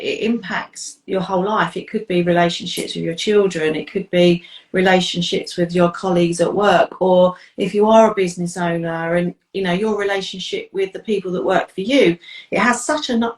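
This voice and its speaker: A woman's voice: fairly low pitch, steady tone, normal speed, distant mic. A woman hosting an interview, affirming and chatty as she talks with her guest about relationships. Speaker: interview host, coach. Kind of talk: conversational interview. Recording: roomy sound, away from the mic.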